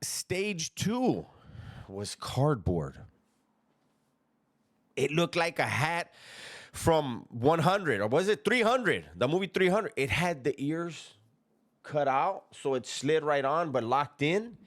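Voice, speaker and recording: A man telling a prison story in a relaxed, slangy, conversational way, chuckling at his own tale and dropping low and hushed on asides. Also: takes it slowly, no room sound, studio quality. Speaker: storyteller recounting prison life. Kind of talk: casual spoken storytelling.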